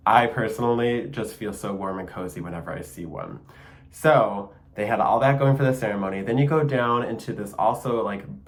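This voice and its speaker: A young man with a Michigan accent hosting a casual solo podcast, chatty and enthusiastic, with plenty of fillers and small laughs. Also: lowish voice. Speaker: podcast host.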